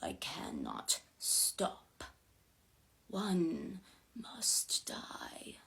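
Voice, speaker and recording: A woman's voice: huge pitch swings, vocal fry, a bit bright, heavily acted. Woman putting on a whispering underworld spirit. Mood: menacing. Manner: slow, low, whispered. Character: sinister possessing spirit, cold and menacing.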